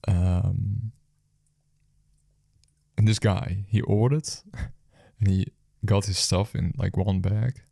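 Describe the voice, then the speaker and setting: A man's voice: on the low side, little pitch movement, takes it slowly, creaky, long pauses, mellow, no echo, clean studio sound. A man who works as a food delivery rider, casually telling a story after his shift in a rambling, hesitant way full of fillers and restarts.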